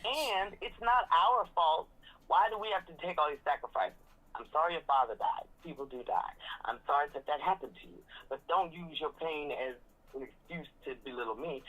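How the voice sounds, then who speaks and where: A woman's voice: low-pitched, rough recording. Sassy woman dishing on reality TV. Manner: sassy, animated, mocking impressions. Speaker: reality TV commentator. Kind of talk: casual recap chat.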